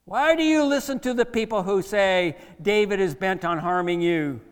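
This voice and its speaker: A man voicing a young warrior who pleads with a king and then defies him, speaking in a loud, impassioned declamation. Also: fairly high pitch, a little slow, smooth, long reverb tail, lightly acted. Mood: pleading.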